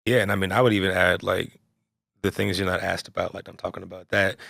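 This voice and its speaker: A man's voice: deep voice, little pitch movement, fast, creaky, sharp tone, no echo, studio quality. A man speaking as a podcast guest in casual chat, reflective and using many fillers.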